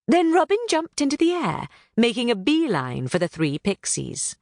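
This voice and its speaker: A woman's voice: on the high side, normal speed, hardly any pauses, no echo, studio quality. A woman reading a children's book aloud in a storytelling manner. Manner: animated, storytelling. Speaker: audiobook narrator. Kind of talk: scripted narration of a children's book.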